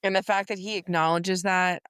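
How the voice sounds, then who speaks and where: A woman co-hosting a book podcast, speaking in a measured, thoughtful way and swearing casually. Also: fairly low pitch, little pitch movement, fairly bright tone, smooth, no echo, studio quality. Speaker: podcast co-host.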